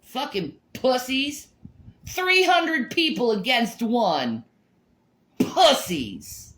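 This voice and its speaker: A middle-aged woman ranting on her livestream, profane and confrontational. Her fairly high voice leaps up and down, and she talks slowly, stumbling and repeating words as she gets worked up. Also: sing-song, a bit bright. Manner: repeats words and restarts when heated. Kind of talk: livestream rant.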